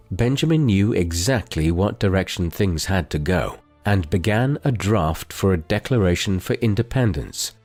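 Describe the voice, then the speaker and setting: A man reading a scripted history narration in a steady storytelling manner. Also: medium pitch. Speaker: documentary narrator. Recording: faint music bed.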